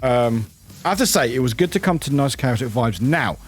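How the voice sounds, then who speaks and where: A man's voice: mid-range voice, expressive, normal speed. A man streaming a game and chatting casually with viewers, rambling, laughing often and swearing casually.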